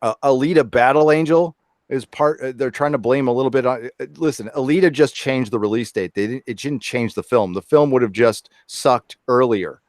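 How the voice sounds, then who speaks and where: A man's voice: medium pitch, moderate pace, dry recording. Middle-aged man, podcast host, rambling chat, plenty of fillers, dry close sound. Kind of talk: casual chat.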